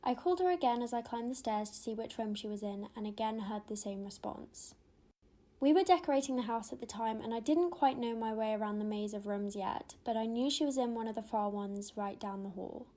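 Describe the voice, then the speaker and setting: A woman telling a spooky childhood story in a hushed voice that drops to a whisper. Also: fairly high pitch, brisk.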